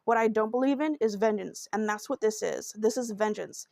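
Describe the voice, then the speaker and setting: A woman's voice: medium pitch, moderate pace, gravelly, a little mellow, no echo, studio quality. A woman hosting a true crime podcast, narrating a case in an earnest, emotional and heartfelt way. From Oklahoma.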